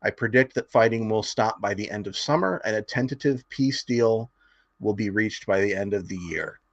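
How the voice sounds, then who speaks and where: A political podcast co-host with a lowish voice reads out figures from his notes at a normal pace, peppering them with fillers and chuckles. The recording is dry, dull and lo-fi, with no room sound.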